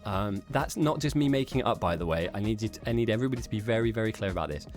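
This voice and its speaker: A man's voice: fairly low pitch, expressive, very fast, a little mellow, faint music behind. A man live-streaming esports commentary, chatting casually and self-mockingly with his viewers between calls of the action. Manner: chatty, self-mocking, rambling asides to chat.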